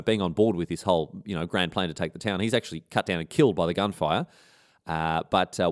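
A man with an Australian accent telling a history story in a comic, irreverent way, full of slang and rambling asides. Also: on the low side.

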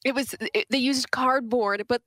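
A young woman co-hosts a radio show, talking at a slightly high pitch and spinning stories in a chatty, lively way. She starts over often, and her studio mic sounds close and dry with no room around it. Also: normal speed, no echo. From Southwestern Ontario, Canada. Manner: chatty, animated storyteller with frequent restarts. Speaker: radio co-host. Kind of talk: casual radio chat. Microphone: studio microphone.

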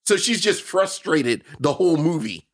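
Bantering playfully with his fellow podcast co-hosts, this man keeps the casual chat lively and full of jokes. He speaks at normal speed in a slightly high voice.

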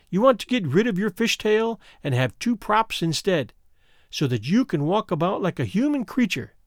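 A scheming old sea witch from a storybook, as a male narrator puts her on, speaking slowly and menacingly. The voice sits high and swings widely in pitch. The sound is close and dry. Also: no echo. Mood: scornful.

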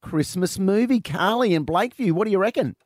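Easygoing Australian radio host, lively pitch. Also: male voice, fairly quick, no room sound, studio quality. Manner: laughing, easygoing, rambling. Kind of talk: casual radio chat.

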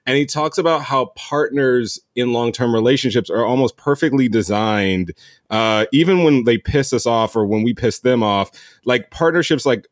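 A man's voice: medium pitch, normal speed, dry recording, clean studio sound. A man hosting a podcast, talking conversationally with frequent restarts and laughter. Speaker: podcast host. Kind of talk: casual podcast interview.

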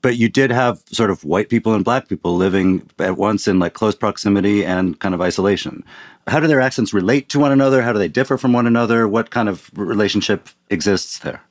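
A man with a fairly low voice hosts an interview. He builds up background at length and then puts his question to the guest. The recording is dry and close, with no echo. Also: a little fast. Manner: sets up context at length before asking. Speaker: podcast host.

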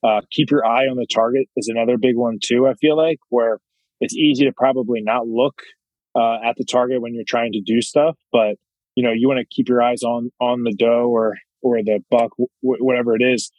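A man's voice: mid-range voice, a little mellow, no echo, rough recording. A young man talking as a podcast guest, thoughtful and rambling, with lots of "uh"s and "you know"s. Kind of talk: casual interview chat.

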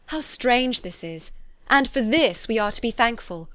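A woman reading a classic novel aloud, voicing an eager, sharp-witted young woman who speaks in urgent exclamations. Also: on the high side, expressive, unhurried, no echo. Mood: anxious, urgent.

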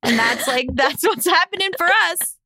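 A woman's voice: high-pitched, expressive, moderate pace, pushed and bright, dry recording. A woman co-hosting a casual podcast chat, telling stories and laughing often. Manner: chatty storyteller, laughs often. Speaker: podcast co-host.

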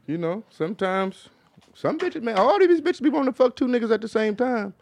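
A man hosting a podcast, chatting casually with crude, animated storytelling. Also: very high voice, fairly quick, no room sound. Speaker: podcast host. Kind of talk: casual comedic chat.

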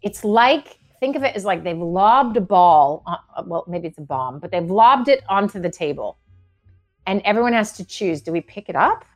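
Woman, mid-pitch, casual podcast guest who thinks aloud; faint music bed. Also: animated, normal speed. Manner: thoughtful, rambling, laughs often.

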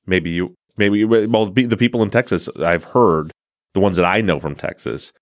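Deep-voiced joking male podcast host. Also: normal speed, no room sound, clean studio sound. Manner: joking, teasing. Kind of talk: casual interview chat.

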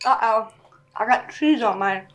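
A woman's voice: a little high, a little slow, noisy background. A woman chatting as a guest on a comedy show, teasing and giggly. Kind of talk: casual comedic chat.

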